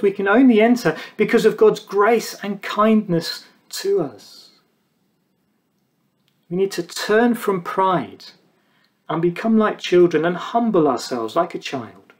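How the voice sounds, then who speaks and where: Earnest high-voiced preacher. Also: male voice. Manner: earnest, pausing between phrases, dropping low on key words. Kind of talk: sermon.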